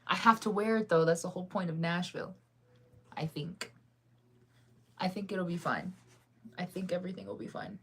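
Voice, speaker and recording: A woman's voice: on the low side, moderate pace, long pauses, slight background noise. A young woman chatting casually to her viewers, rambling and indecisive, laughing often as she talks things through. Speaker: vlogger.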